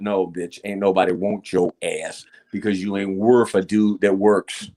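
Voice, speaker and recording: A man with a low voice speaks in a blunt, emphatic way. He rambles and swears freely as he hosts a casual discussion. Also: moderate pace, mellow. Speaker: host.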